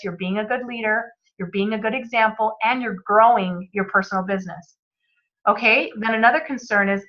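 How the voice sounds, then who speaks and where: Upbeat woman reading and riffing on a self-help book, bright forceful voice, dull lo-fi sound. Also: fairly high pitch. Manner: enthusiastic, motivational, chatty. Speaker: book club host. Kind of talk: reading aloud and commenting on a book.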